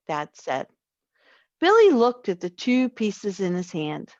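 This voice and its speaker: A woman reading a children's story aloud, slow and expressive. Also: medium pitch, no room sound, dull audio. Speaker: story reader.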